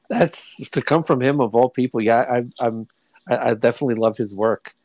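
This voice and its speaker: Male podcast host, wry quips, middle pitch, dry close sound. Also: normal speed, darkish tone, no echo. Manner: jokey asides, asks questions. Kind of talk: casual podcast interview.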